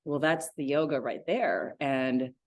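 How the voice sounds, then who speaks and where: Yoga teacher lady, chatty and excited, laughs a lot, dry mic. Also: rumbling low, measured pace, dry recording. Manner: enthusiastic, laughs easily, thoughtful. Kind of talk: casual podcast interview.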